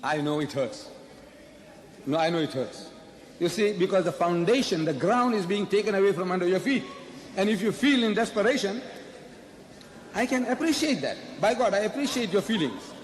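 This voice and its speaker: A man's voice: high voice, expressive, normal speed. A man giving a public lecture to a live audience, posing rhetorical questions and answering them himself. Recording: echoey hall, faint background noise.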